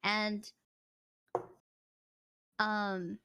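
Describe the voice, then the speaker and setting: A young woman streamer casually telling a story to her chat, animated and laughing, acting out the voices of the people in it. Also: mid-range voice, unhurried, a little hiss or hum.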